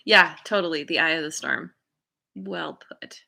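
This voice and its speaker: A woman giving an intuitive tarot reading to her viewers, gentle and encouraging, often pausing to search for words. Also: sits low, creaky. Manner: encouraging, spiritual. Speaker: tarot card reader.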